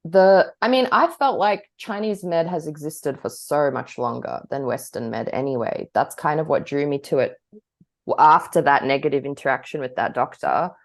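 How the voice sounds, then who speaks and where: Low-voiced woman on a podcast, rambly and open, laughs a lot. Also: moderate pace. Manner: candid, rambling, laughs often. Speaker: podcast co-host. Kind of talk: casual chat.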